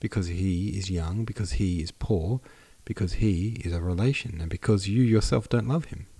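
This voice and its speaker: A man reading the lines of a fond aristocratic mother in an audiobook, admonishing gently and patiently. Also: low voice, normal speed, slightly rough. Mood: gently scolding.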